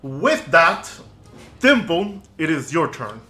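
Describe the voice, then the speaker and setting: Bright-voiced game master narrating. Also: male voice, slow, faint music behind. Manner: relaxed narration with sound-effect booms. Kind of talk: narrating a tabletop game session.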